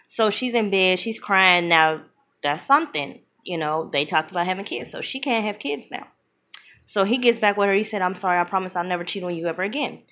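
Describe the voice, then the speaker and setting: A woman recapping a movie in a loose, chatty way, with blunt opinions throughout. She drops into quick character voices as she goes, and her voice sits at an ordinary middle pitch for a woman. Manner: animated, acts out characters' lines in quick voices. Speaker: movie reviewer. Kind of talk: casual plot retelling.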